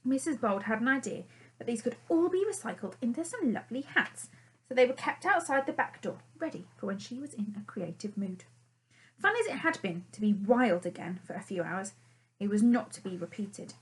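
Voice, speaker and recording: Animated woman narrating a children's story. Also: a little high, moderate pace, low-quality recording. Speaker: audiobook narrator.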